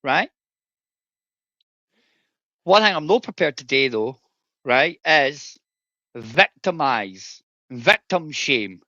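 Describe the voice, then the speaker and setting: A man's voice: fairly high pitch, animated, slow, pauses often, pushed and bright, dry recording, muffled recording. A man with an Edinburgh Scottish accent, a former soldier ranting profanely and confrontationally on a livestream while telling stories. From Scotland.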